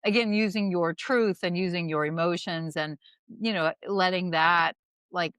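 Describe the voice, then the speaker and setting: A woman who is a guest comedian and acting teacher, chatting casually on a podcast in a rambling, animated way full of "you know". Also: fairly low pitch, normal speed, smooth, dry recording.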